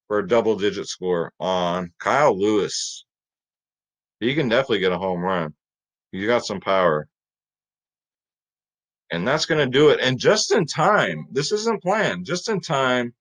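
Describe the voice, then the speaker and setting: A man's voice: mid-range voice, rough recording. Hyped chatty man hosting sports picks. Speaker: fantasy sports video host. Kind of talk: casual fantasy sports picks talk.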